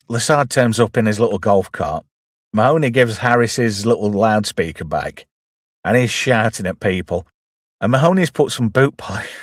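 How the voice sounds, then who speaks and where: In clean studio sound with no echo, a medium-pitched middle-aged host jokes his way through a film commentary. He chats casually, reads out chat messages, and voices characters in put-on impressions.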